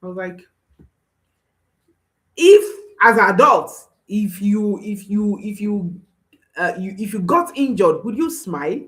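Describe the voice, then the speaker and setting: Slow, lively-voiced woman parenting coach. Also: mid-range voice. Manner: emphatic, repeats phrases, checks in with "hmm?". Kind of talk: advice talk to viewers.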